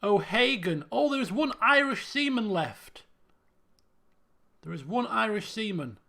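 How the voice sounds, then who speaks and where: Man streaming a game, bright gravelly voice, muttering to himself, repeats phrases, faint music under. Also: sits high, very animated, measured pace. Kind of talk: casual let's-play commentary.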